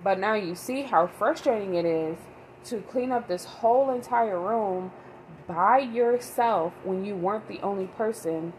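A woman of middle pitch tells a long story straight to camera as a mother. She rambles and stresses her points hard, with a faint noise floor under her voice. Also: a little slow, a little mellow, poor audio. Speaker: mother vlogger. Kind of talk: casual monologue.

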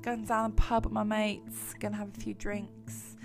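A woman's voice: mid-range voice, little pitch movement, normal speed, creaky, over music, voice pushed up, close to an everyday voice. An English woman doing a brash Essex party girl. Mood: cocky. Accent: mock Essex. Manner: exaggerated, mocking caricature.

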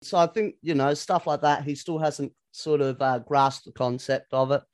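A man with a somewhat high voice, recorded dry and close to the mic. He co-hosts a casual podcast and talks in a blunt, rambling way, swearing and filling gaps with "you know.". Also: steady tone, normal speed, no echo. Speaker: podcast co-host. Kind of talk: casual chat.

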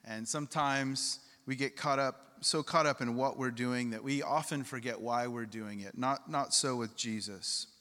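A man's voice: mid-range voice, normal speed, hardly any pauses, bright, forceful tone, in a large hall. A male pastor preaching a sermon in a conversational way, asking the congregation questions and reading scripture aloud.

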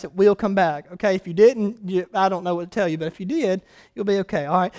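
A pastor preaching a sermon, telling stories with lively animation and building to loud, emphatic points. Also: male voice, high-pitched, brisk, smooth.

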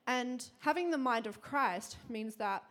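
A young woman giving a sermon to a congregation, telling a personal story in a chatty, quick way with lots of fillers and frequent laughter. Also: fairly high pitch, animated, fairly bright tone. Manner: chatty, fast, laughing often, many fillers. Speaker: church speaker.

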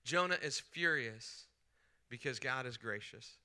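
A man, a pastor, preaching a sermon at a retreat, moving from quiet retelling to animated outbursts as he voices the angry prophet. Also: mid-range voice, measured pace. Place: retreat session hall.

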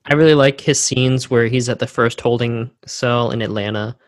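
Laid-back guy, middle pitch, talking books, dry close mic. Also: steady tone, moderate pace, dry recording. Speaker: book podcast co-host. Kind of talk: casual chat.

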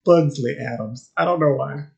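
A man's voice: mid-range voice, moderate pace, vocal fry, darkish tone, muffled recording. A man co-hosting a podcast in casual chat, laughing often and teasing his co-host.

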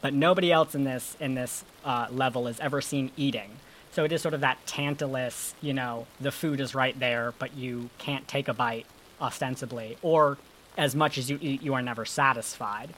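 A podcast co-host in casual chat, talking in an animated, rambling, playful way with casual swearing. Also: medium pitch, moderate pace, slight background noise.

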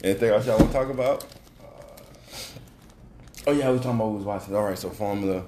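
A man telling stories in casual podcast chat, animated, slangy and profane. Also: fairly low pitch, quick pace. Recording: roomy with faint noise.

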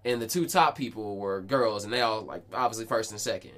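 A man in his twenties hosting a podcast, telling stories in casual, slangy talk full of swearing and quick restarts. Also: on the low side, a bit bright. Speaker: podcast host. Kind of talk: casual chat.

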